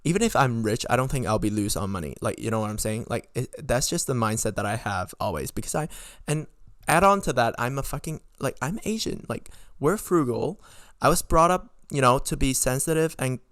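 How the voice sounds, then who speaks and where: A young man rants a storytime straight into his camera, cursing freely and tripping over fillers as he builds his grievance. His voice sits at an ordinary middle pitch. The sound is close and dry, with no room echo. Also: fairly quick. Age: young adult. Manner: animated, swearing, frustrated rambling with many fillers. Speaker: podcast host. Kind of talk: casual storytime rant. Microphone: own camera recording.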